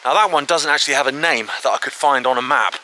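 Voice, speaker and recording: Excitable man with a very bright voice. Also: mid-range voice, fast, slight background noise. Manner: chatty and excitable, with frequent filler asides. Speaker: host of walking exploration videos. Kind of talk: casual walk-and-talk to camera. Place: outdoors in fields, woods and an old quarry.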